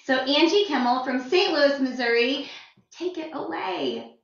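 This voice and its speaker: A woman's voice: sits high, lively intonation, measured pace. A bubbly woman hosting an upbeat sales event and introducing a guest, with lots of fillers. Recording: distant echoey muffled audio.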